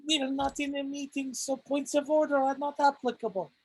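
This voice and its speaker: Un hombre interpreta a un presidente de consejo pedante y discutidor con un acento ruso exagerado a propósito. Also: male voice, extremely high pitch, level tone, moderate pace, darkish tone, voice pushed up, poor audio. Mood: argumentative. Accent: deliberately bad Russian accent. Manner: pedantic, argumentative. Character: stubborn pedantic male council chairman. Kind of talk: comic re-enactment.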